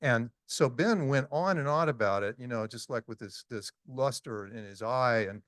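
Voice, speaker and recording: A man's voice: medium pitch, normal speed, a bit bright, no room sound, studio quality. A man in his sixties giving a casual, story-driven presentation to an audience, with frequent ums and uhs. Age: 60s. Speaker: conference speaker. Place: meeting hall talk.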